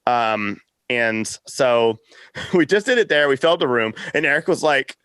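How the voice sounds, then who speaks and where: A man's voice: medium pitch, a little slow, clear, resonant tone, no room sound. Guy chatting on a podcast, acts out quotes, laughs a lot, dry close mic. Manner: animated storyteller, acts out quotes, laughs often. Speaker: podcast network founder, guest. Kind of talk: casual interview chat.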